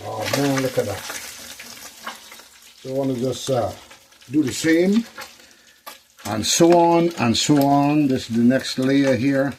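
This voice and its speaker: A man's voice: medium pitch, slow, pauses often, a little mellow, slight background noise, low-quality recording. A man hosting a casual cooking demonstration in his kitchen, chatting to viewers and repeating phrases as he works. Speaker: cooking show host.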